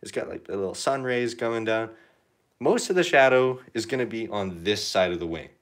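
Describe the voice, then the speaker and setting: A man's voice: lowish voice, expressive, fairly quick, fairly bright tone. A young man chatting casually on a painting livestream, rambling and joking with lots of fillers. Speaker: art livestreamer.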